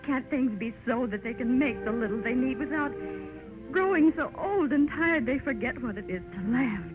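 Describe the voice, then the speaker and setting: An actress in 1930s radio drama playing a young newlywed wife, loving and wistful, with an emotional delivery. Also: female voice, high voice, lively intonation, moderate pace. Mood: anguished. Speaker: lead actress. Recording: tinny 1930s radio broadcast with music.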